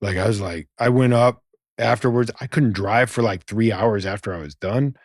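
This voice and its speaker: A middle-aged man telling a story in a relaxed podcast chat. He acts out the voices in it and swears now and then. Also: on the low side, normal speed, dry recording, clean studio sound. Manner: animated, acts out quoted lines, swears. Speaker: podcast guest. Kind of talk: casual storytelling.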